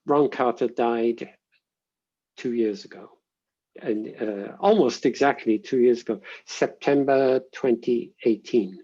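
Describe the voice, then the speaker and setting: A man, a linguistics professor, giving measured, reflective answers in an interview and often pausing to rephrase. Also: mid-range voice, mellow, husky, muffled recording.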